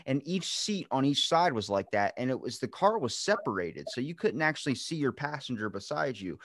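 A young adult man hosting a podcast in casual chat, telling animated stories with lots of swearing. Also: medium pitch, brisk, a loud crowd. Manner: animated storyteller, swears freely, acts out quotes. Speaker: podcast host.

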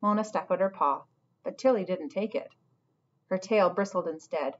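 A woman teacher reading a novel aloud, pausing patiently to guide her listeners. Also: fairly low pitch, dull audio. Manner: patient, instructive. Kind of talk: storybook read-aloud with asides to students.

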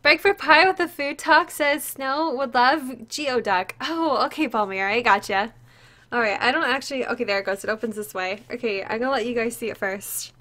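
A woman's voice: on the high side, brisk, sharp tone. A woman streaming live to her viewers, gushing and tearful as she opens a gift, exclaiming often. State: tearful, close to crying.

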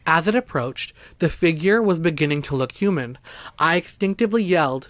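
A man reading a first-person story aloud as narrator, in a steady, even storytelling manner. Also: fairly high pitch, a little fast, dry recording. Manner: steady, even storytelling, voicing quoted speakers.

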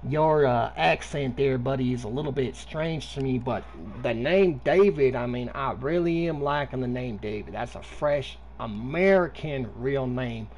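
A man's voice: mid-range voice, unhurried, hardly any pauses, a little mellow, a little hiss or hum, lightly acted. A man putting on a folksy rural Southern man with a Southern accent, drawling and playing dumb in a rambling way. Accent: Southern US (put on).

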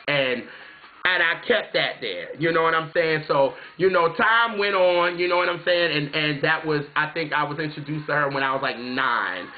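A man from South Carolina telling a story casually to his viewers, chatty and rambling, often saying "you know what I'm saying". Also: on the high side. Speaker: music vlogger. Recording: tinny phone-like sound.

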